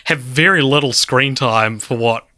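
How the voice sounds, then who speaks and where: Bright, crisp-voiced man explaining on a podcast. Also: mid-range voice, unhurried, no room sound, clean studio sound. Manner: explanatory, recapping at length. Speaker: podcast co-host. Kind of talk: casual podcast chat.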